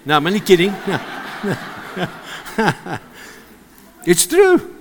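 A man with a South African accent preaching a sermon, animated and joking with the congregation. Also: high voice, takes it slowly, slight background noise. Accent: South African English. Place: church service with congregation. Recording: long hall reverb.

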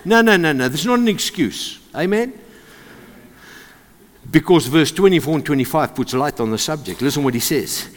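A man with a South African accent preaching a sermon, animated and joking with the congregation. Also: a little high, normal speed. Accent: South African English. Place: church service with congregation. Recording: long hall reverb.

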